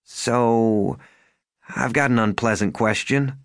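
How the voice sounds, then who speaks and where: A man's voice: mid-range voice, slow pace, no echo, clean studio sound. A man voicing a worried young husband who speaks bluntly. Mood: tense.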